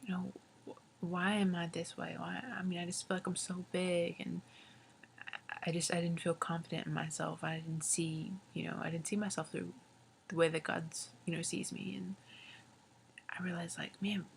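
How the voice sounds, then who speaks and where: An 18-year-old woman talking casually and earnestly about her faith, halting and rambling with many fillers, often dropping into soft half-whispers. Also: lowish voice, flat delivery, gravelly, a little hiss or hum. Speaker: faith vlogger. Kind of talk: casual confessional faith talk.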